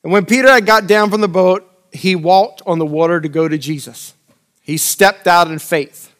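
Male preacher, high-pitched, dramatic loud-soft delivery, repeats key phrases. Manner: dramatic swings between loud urgent lines and quiet intimate asides. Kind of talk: sermon.

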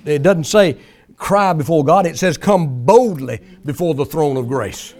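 High-voiced preacher, folksy and emphatic. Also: male voice, animated, a little slow, darkish tone. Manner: folksy, emphatic preaching with dramatic pleading imitations. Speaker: pastor. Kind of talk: sermon.

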